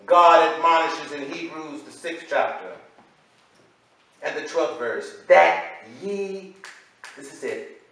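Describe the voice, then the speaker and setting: A woman delivers a sermon in call-and-response style, repeating her lines and building to shouts. Her voice is bright and forceful. It echoes heavily around a church hall, picked up from far off. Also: deep voice, slow pace, long pauses. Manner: repetitive call-and-response preaching, rising to shouts. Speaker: preacher. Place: church sanctuary.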